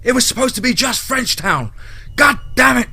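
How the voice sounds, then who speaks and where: A man's voice: very high-pitched, lively intonation, moderate pace, gravelly, bright, forceful tone, slightly rough, voice pushed up, full character voice. A man voicing a desperate young criminal who screams frantically in panic. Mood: panicked.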